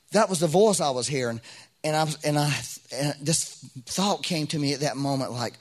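A man's voice: fairly high pitch, expressive, normal speed. A middle-aged man preaching a sermon as pastor, in a conversational way with frequent restarts and rising bursts of emphasis.

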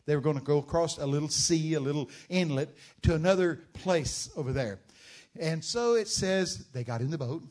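A man preaching a sermon, telling Bible stories with dramatic shouted outbursts. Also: a little high, animated, moderate pace. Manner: dramatic storytelling, bursts into loud shouted quotes.

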